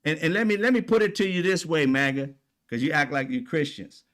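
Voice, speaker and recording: A man's voice: fairly high pitch, expressive, brisk, fairly bright tone. Fired-up, profane man ranting. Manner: indignant, profane, heated; rhetorical questions to the audience. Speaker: political commentary vlogger. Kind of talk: ranting commentary.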